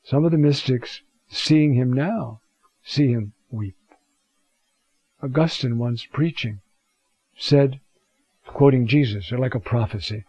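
Slow, husky male Bible teacher. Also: mid-range voice, dry recording. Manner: slow, reflective, reads passages aloud with emphasis. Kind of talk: scripture lecture. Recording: dull lo-fi sound.

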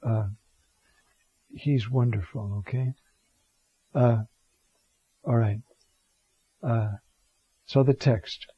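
A man's voice: medium pitch, fairly even intonation, extremely slow, long pauses, husky, no echo. A man teaching on a Bible reading in a conversational, digressive homily style, often saying "you see". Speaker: priest teaching on scripture. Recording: dull lo-fi close mic, dry.

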